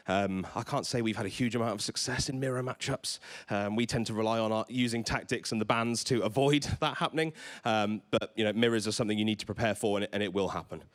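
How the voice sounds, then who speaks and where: A man giving an enthusiastic conference talk on stage to a live audience, often stumbling and repeating words. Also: fairly low pitch. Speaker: conference presenter.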